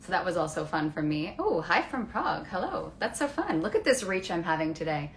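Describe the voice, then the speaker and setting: A bubbly woman hosts a casual live-stream chat, her voice rising and falling in a lively, animated way. She is chatty and effusive, speaking over a phone or computer mic. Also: on the low side, fairly quick, a little hiss or hum. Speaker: host. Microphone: phone or computer mic on a social media live.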